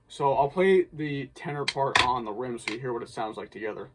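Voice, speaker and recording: A man's voice: medium pitch, a little fast, heavy background noise. Casual man explaining a drum part. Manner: relaxed, thinks aloud with restarts. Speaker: drumline instructor. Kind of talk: casual instructional breakdown.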